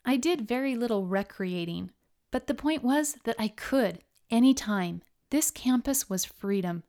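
A woman narrating her memoir as an audiobook, in a reflective, steady storytelling manner. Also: a little high, unhurried.

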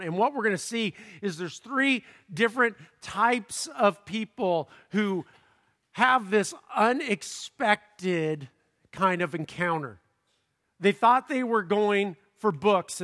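Male pastor, middle-aged, high voice, bright tone, animated storytelling sermon. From Southern California. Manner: animated storyteller, chuckles at his own jokes.

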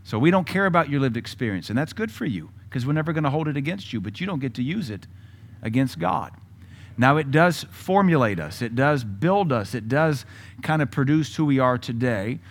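A man preaching a sermon with a blunt, combative delivery, breaking into loud bursts and mocking asides. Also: medium pitch, lively intonation, a little fast. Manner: mocking mimicry of other voices. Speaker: pastor.

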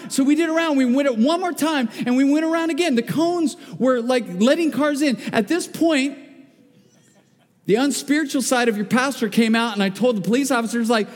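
A man's voice: high voice, expressive, fairly quick, big-room sound. A man preaching a sermon as pastor, mixing family stories with emphatic, rising calls to persistent prayer. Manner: storytelling with emphatic, rising exhortations. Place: church sanctuary.

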